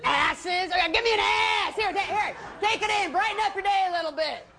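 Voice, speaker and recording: A woman acting a brash, crude office worker who taunts her coworkers loudly in a comedy sketch. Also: very high-pitched, brisk, a faint crowd, slight background noise, pitched above the performer's own voice, heavily acted. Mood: brazen. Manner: loud, brazen, taunting.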